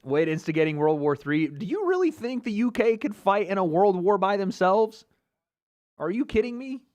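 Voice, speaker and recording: Male streamer, slightly high voice, casual and cocky, ribs the chat, laughs a lot. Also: very animated, moderate pace, a little mellow. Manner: joking, trash-talking, laughing often. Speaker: livestream host. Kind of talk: casual livestream chat reading comments.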